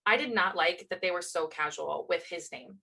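A woman's voice: on the low side, normal speed, creaky, sharp tone, husky, low-quality recording. A woman co-hosting a podcast in casual chat, gushing with enthusiastic fan talk. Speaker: podcast co-host.

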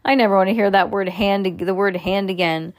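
A woman voicing a brave young schoolboy hero in a storybook reading, excited and breathless. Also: medium pitch, a little fast, lightly acted.

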